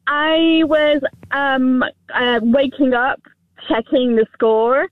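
A woman phones in to a radio show and chats in a rambling, cheerful way. Her fairly high voice comes through a tinny, dry phone line. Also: steady tone, slow, dry recording. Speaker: radio caller. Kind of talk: phone-in chat.

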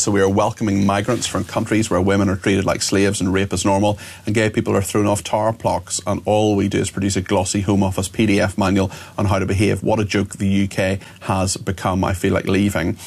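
A Northern Irish man presents a talk radio show, chatting between listener messages he reads aloud. His voice sits a little low, with a gravelly fry.

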